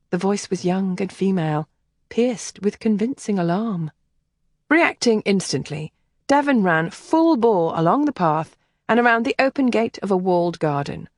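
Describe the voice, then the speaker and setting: A woman narrating an audiobook with expressive, lively storytelling that rises and falls freely. Her voice is mid-pitched and sits close to the mic in a dry, dead space. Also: moderate pace, no echo. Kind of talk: scripted narration.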